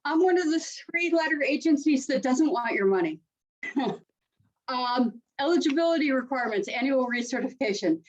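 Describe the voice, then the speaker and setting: A woman giving a webinar presentation in a chatty, joking way with animated asides. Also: high-pitched, normal speed, slight background noise. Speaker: SBA presenter. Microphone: video call. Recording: dull lo-fi webinar audio.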